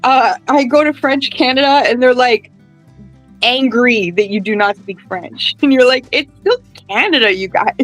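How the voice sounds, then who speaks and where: A woman's voice: on the high side, unhurried, faint music behind, low-quality recording. A chatty woman in casual conversation on a podcast who laughs easily and tells anecdotes. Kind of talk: casual chat.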